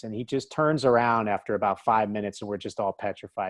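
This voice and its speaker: A man guest telling lively anecdotes in casual talk, acting out other people in a raised voice. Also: lowish voice, brisk, few pauses, no echo. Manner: animated, acts out quotes in raised voice. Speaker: interview guest, author. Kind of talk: casual storytelling.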